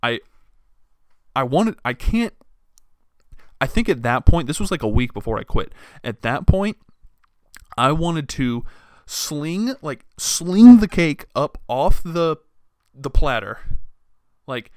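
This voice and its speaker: A young podcast host with a fairly high, slightly mellow voice and big pitch swings takes his time, pausing at length, in clean studio sound with no echo. He delivers a casual solo rant that's profane and rambling, full of exasperated restarts.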